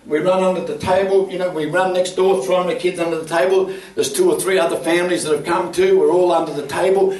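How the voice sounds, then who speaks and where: An older pastor delivers an animated storytelling sermon in a fairly high voice. His voice rings around a large, echoing church, picked up from some distance away from the mic. He laughs easily as he talks. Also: fast talker, few pauses.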